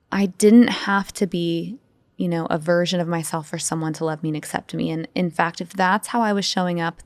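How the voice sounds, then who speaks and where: A woman guest on a podcast, talking in an open, animated storytelling way, her speech full of fillers. Her voice sits a little low, and it is recorded dry and close with no room sound. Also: no echo. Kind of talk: casual interview conversation.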